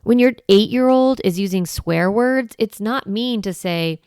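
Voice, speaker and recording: Unhurried and pausing little, a woman parenting coach talks directly to her audience on camera, occasionally adopting a firm, strong voice to show what parents can tell their kids. Her medium-pitched voice is a little mellow, clear, and resonant, in a dry, studio-quality recording.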